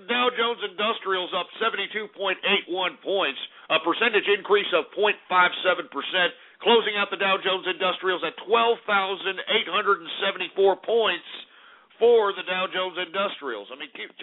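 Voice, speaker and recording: A brash American man runs through the day's market numbers on his talk radio show, rambling and throwing in mocking jabs. His voice sits a little high for a man. The sound is thin and tinny, like a phone line. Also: normal speed. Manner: brash, rambling, swears and mocks.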